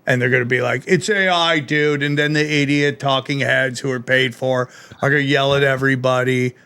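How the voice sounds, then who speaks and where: Bright-voiced, swearing podcast host. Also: male voice, medium pitch, a little fast, smooth. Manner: animated, profane, says "dude" often. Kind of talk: casual podcast chat.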